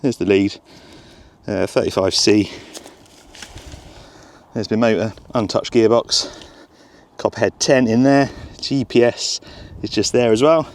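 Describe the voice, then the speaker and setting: A man testing a remote-control car outdoors by a road, chattering excitedly to himself as he films. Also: fairly low pitch, measured pace, long pauses. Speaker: RC car vlogger. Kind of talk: casual self-narration while testing.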